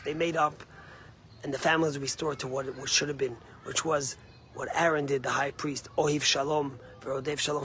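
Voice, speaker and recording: A male rabbi giving a short sermon with a story. He speaks emphatically and loudly at first, then drops to a quiet, earnest tone. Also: fairly high pitch, a little hiss or hum.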